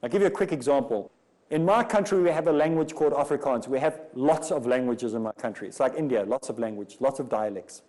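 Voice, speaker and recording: A man's voice: medium pitch, quick pace, dark tone, poor audio. A man from Africa, giving a religious lecture and arguing through rhetorical questions. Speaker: Islamic lecturer.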